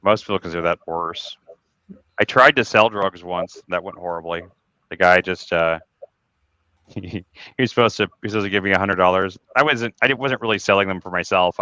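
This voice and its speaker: Candid low-voiced man rambling through a story. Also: pushed and bright, clear, resonant tone, no room sound, lo-fi sound. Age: 40s. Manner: candid, rambling confessional storytelling with many restarts; swears freely when reliving anger. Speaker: podcast host. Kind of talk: casual group chat on a podcast.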